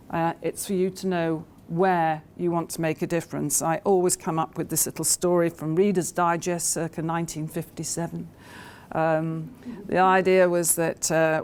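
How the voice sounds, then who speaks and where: Low-voiced woman giving a talk. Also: darkish tone. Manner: anecdotal, hesitant with many fillers. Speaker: conference speaker. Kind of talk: conference talk.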